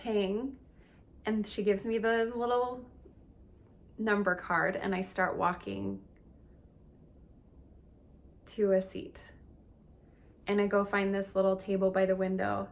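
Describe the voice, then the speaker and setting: Brief: female coach, gravelly vocal fry, candid and emotional storyteller, chatty fillers. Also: medium pitch, flat delivery, takes it slowly, long pauses. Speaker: relationship and meditation coach. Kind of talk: personal storytelling in a coaching talk.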